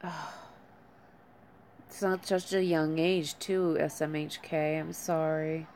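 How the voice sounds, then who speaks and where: A woman with a notably low voice hosts a casual live stream. She greets chat viewers by name in an unhurried, conversational way. Her tone stays gentle and consoling. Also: level tone, slight background noise.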